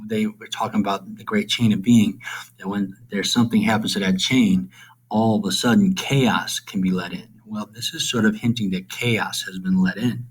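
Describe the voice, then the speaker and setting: A male teacher talks through a summary in a loose, meandering way, peppering it with fillers and asides. His voice sits a little low, and the delivery feels unscripted and conversational. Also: fairly even intonation, moderate pace, poor audio. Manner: rambling, with many fillers and asides. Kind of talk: casual lesson summary.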